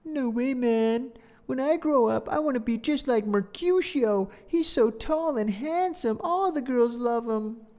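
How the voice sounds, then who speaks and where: A man's voice: extremely high pitch, unhurried, pitched above the performer's own voice. A man doing an eager bragging little boy. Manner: excited, emphatic. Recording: reverberant room.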